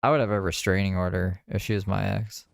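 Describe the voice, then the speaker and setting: A man's voice: low-pitched, flat delivery, quick pace, creaky, clean tone, no room sound, studio quality. A man hosting a podcast, rambling in crude, casual commentary with lots of filler words. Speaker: podcast host.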